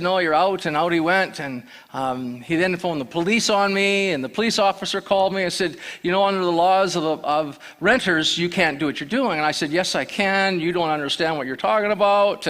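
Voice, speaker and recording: A man's voice: high-pitched, bright, forceful tone. A man giving a church sermon as guest preacher, telling plain stories with restarts and repeated words. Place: church sanctuary.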